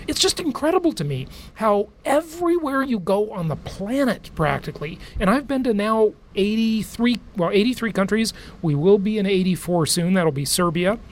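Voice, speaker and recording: A man's voice: a little high, a little hiss or hum. A man hosting a podcast, telling a travel story in a chatty way and laughing often. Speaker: podcast host. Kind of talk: casual chat and interview.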